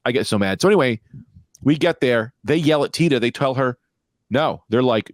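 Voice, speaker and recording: A man's voice: medium pitch, fairly quick, no room sound. A young man co-hosting a comedy podcast, telling stories with gusto and acting out the people in them. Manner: animated storyteller, acts out quoted people. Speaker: podcast co-host. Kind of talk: casual chat.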